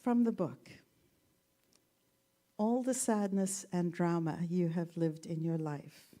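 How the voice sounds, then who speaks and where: A woman minister giving a sermon, telling stories gently with playful asides. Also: on the low side, slow, long pauses. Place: church sanctuary.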